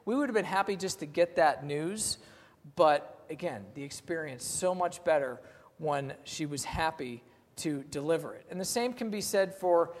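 A man preaching in an easygoing, plain-spoken manner. He reads scripture aloud slowly and talks with his listeners as if chatting. His slightly higher voice carries a long reverb off the walls. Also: expressive. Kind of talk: sermon.

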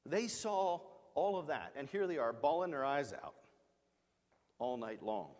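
Animated middle-aged male preacher, echoing hall. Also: a little high, a little slow. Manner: animated, emphatic storytelling. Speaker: pastor. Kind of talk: sermon.

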